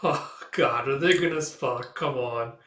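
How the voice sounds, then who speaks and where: A man's voice: mid-range voice, a little slow, pushed and bright. Casual male comic reviewer, loose and swearing, roomy echo. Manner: casual, laughing, swears freely. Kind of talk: casual comic read-through.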